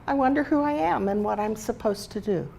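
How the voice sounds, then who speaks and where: A woman's voice: on the high side, a little fast, vocal fry, mellow, husky. An older woman voicing a small, lost young winged horse girl in a storybook, plaintive and questioning.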